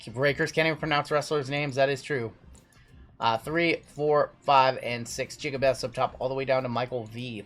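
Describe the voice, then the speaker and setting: A man's voice: mid-range voice, steady tone, moderate pace, fairly bright tone, soft background music. A man hosting a live card-break stream in a casual, chatty way. He rattles off long lists of names and teams and answers chat as he goes.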